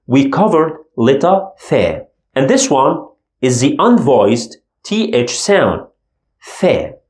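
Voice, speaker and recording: Slow, lively man teaching letter sounds. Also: medium pitch, reverberant. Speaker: Arabic teacher. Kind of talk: language lesson.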